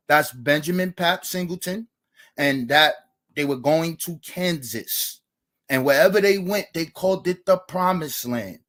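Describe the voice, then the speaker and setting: A man with a somewhat high voice argues his case in a debate. He reads quotations from books in a steady, argumentative way to support his points.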